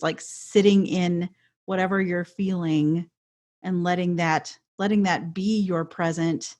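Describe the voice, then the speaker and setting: A woman hosting a podcast interview, chatty and responsive, using frequent filler words. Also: fairly low pitch. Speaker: podcast host.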